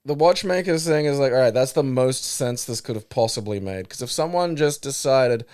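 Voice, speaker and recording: A man's voice: medium pitch, moderate pace, hardly any pauses, clean tone, no echo, studio quality. Sweary rambling Australian man. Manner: sweary, rambling, animated storytelling. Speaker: podcast co-host. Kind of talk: casual chat.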